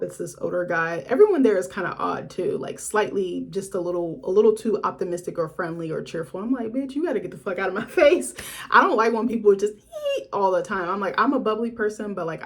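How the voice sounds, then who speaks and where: Chatty, blunt woman reviewing a film. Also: on the low side. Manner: chatty, frank, swears freely, sassy asides. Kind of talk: casual film review vlog.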